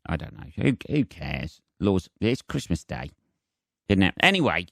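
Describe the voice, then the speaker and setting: A man hosts a solo podcast in a rambling, sweary, self-mocking way. His voice sits a little low. The recording is dry and close, with no room sound. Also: big pitch swings, a little slow, gravelly, dry recording. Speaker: podcast host. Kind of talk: solo casual monologue.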